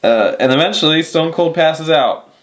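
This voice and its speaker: A man's voice: fairly high pitch, normal speed. A man co-hosting a wrestling review podcast, recapping matches in a laid-back, casual way. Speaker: podcast co-host. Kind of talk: casual chat.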